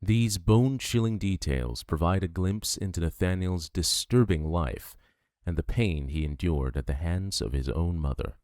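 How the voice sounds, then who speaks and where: A man narrating a true crime documentary from a script in a measured, grave delivery. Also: sits low, darkish tone, no echo, clean studio sound.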